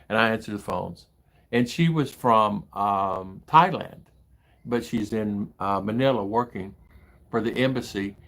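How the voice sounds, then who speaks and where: A man's voice: on the low side, normal speed, vocal fry, a bit bright. An older American man hosting a casual livestream from the Philippines, talking in a rambling way that turns heated and indignant as he reads out viewer comments. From United States. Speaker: livestream host reading chat. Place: home in the Philippines.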